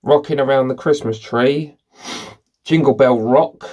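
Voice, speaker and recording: A man reading movie quiz questions aloud and thinking out loud about the answers in a casual, rambling way. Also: medium pitch, a little slow. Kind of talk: casual commentary while taking a quiz.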